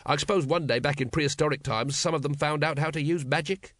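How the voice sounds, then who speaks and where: A man voicing a gruff, bitter city watch captain who talks in a low, grumbling growl. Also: fast talker, fairly bright tone, no echo, natural voice.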